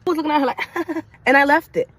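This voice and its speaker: A young woman from Kenya, a nurse, telling a personal story to camera in an animated, emphatic way, with repetition and vocal sound effects. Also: high voice, fast, no echo, rough recording. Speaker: nurse sharing her story.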